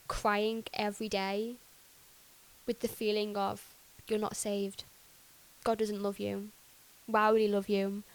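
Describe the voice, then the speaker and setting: In a rough recording, a young woman with a medium-pitched voice gives her personal faith testimony as a podcast guest. She talks chattily, fills gaps with "like", and acts out her own past remarks.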